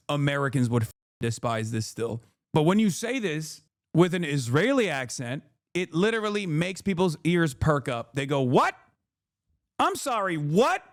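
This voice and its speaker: Streamer in his 30s, heated and blunt, high-ish male voice, dry close-mic sound. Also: no echo. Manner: heated, emphatic, swearing. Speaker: streamer host reacting to a clip. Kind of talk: casual streamed commentary.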